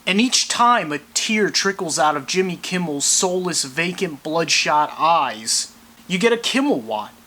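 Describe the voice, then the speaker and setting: A man's voice: a little high, very animated, measured pace, pushed and bright. A man delivering a scripted comedy monologue as a sarcastic, abrasive rant.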